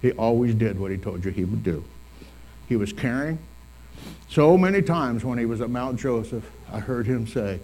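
A man's voice: mid-range voice, animated, moderate pace, mellow, low-quality recording. Folksy man giving a eulogy. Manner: folksy storytelling, repeats phrases for emphasis. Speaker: pastor. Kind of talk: funeral eulogy. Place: full funeral service hall.

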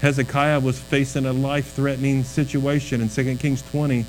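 A man preaching a sermon as a pastor, earnest, his voice dropping low and quiet on key lines. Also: level tone, brisk, a little hiss or hum, poor audio.

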